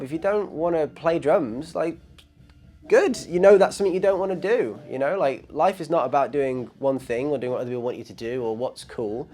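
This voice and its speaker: A man's voice: fairly high pitch, fairly quick, a little mellow. A man who hosts a drum channel, giving casual, encouraging advice to camera with lots of "you know" fillers.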